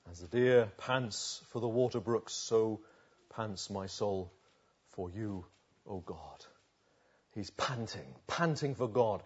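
A man preaching a sermon, swinging from loud urging to hushed, slow pleading. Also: lowish voice, husky. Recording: dull lo-fi recording.

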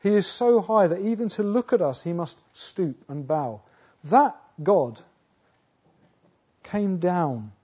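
Man, sermon, husky mellow voice, emphatic swells, rhetorical questions, muffled lo-fi recording. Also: expressive. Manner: earnest, building to loud emphatic peaks, then dropping low; halting restarts and rhetorical questions. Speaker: preacher. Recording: dull lo-fi sound.

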